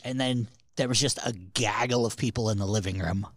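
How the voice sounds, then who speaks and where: A man's voice: lowish voice, a little fast, dry recording, studio quality. A man co-hosting a podcast, telling rambling anecdotes in casual chat and swearing freely. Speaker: podcast co-host.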